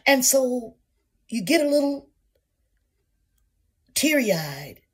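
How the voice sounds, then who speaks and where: A woman's voice: high-pitched, big pitch swings, drawn-out words, slightly rough. A woman preaching a sermon, calling her listeners saints and asking question after question, sometimes dropping to a whisper.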